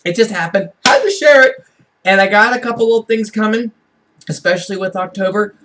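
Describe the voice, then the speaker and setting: A man's voice: sits high, a little fast, a bit bright, far from the mic. This is a man chatting to his camera in a loose, rambling way. He keeps restarting his sentences and wandering off into asides. He sounds amused by his own story. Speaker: vlogger telling a story.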